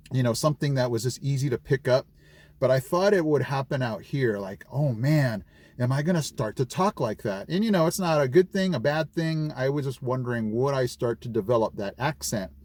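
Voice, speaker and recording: A man's voice: medium pitch, a little mellow, no echo. A middle-aged man from California chatting casually in a vlog, rambling with lots of fillers and restarts. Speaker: vlogger.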